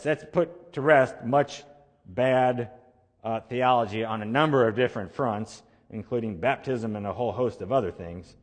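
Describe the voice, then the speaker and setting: A man preaching a sermon as a pastor, building to emphatic peaks and then dropping to quiet, slow phrase endings. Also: mid-range voice. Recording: long reverb of a large hall.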